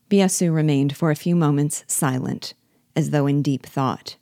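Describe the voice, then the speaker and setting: A woman reading a classic novel aloud in a steady storytelling manner. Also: low-pitched, moderate pace, dry recording, clean studio sound. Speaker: audiobook reader. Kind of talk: measured literary reading.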